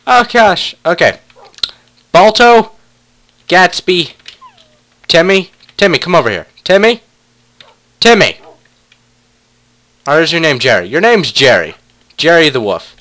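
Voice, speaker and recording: A man's voice: fairly high pitch, sing-song, a little slow, pauses often, a bit bright. A young man casually commentating a block-building game, playfully talking to his pet wolves. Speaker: let's play gamer.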